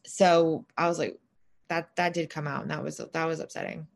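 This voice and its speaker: A woman with a somewhat low voice chats loosely and rambles through her stories. She talks in a casual, unscripted way. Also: normal speed, gravelly. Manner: chatty, rambling, many fillers and restarts. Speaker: podcast co-host. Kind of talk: casual gossip chat.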